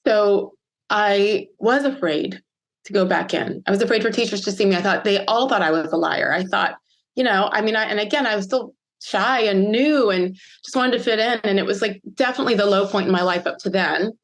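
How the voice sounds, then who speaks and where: Woman, 50s, from the US; podcast guest recounting her past, heartfelt, pausing to steady herself. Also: mid-range voice. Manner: earnest, emotional, pauses to collect herself. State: choked up. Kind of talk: podcast interview, personal storytelling.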